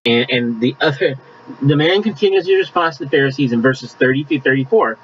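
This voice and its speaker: A man's voice: mid-range voice, a little fast, lo-fi sound, noisy background. A man preaching a conversational sermon, reading scripture aloud and adding asides. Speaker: pastor.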